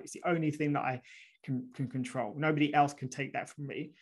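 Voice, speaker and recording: A man who is a guest author in an interview, explaining ideas in an animated, conversational way with frequent restarts and "right?" asides. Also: fairly high pitch, a little fast.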